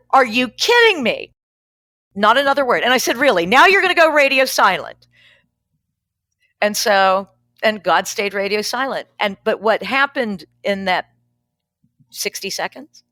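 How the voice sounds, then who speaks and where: A woman's voice: on the low side, a bit bright, no room sound. A woman pastor telling a personal story in conversation, frank and earthy. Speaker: pastor and peacemaker guest.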